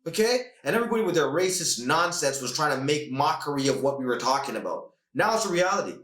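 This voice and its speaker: A man hosting a casual podcast, talking fast and emphatically about a fight, now and then mimicking other people. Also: fairly high pitch, big pitch swings, fairly bright tone. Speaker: podcast host. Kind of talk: animated casual podcast rant. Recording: echoey room, distant mic.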